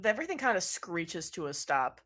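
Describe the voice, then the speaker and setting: A woman narrating as game master of a tabletop role-playing game, giggly and animated. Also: fairly low pitch, a little fast, slight background noise.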